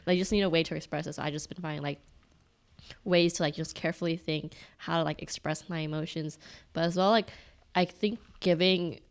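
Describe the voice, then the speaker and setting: A woman's voice: sits low, fairly even intonation, fairly quick, vocal fry. A young woman with a Californian accent, chatting casually on a community podcast with lots of fillers. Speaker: podcast co-host. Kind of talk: casual chat.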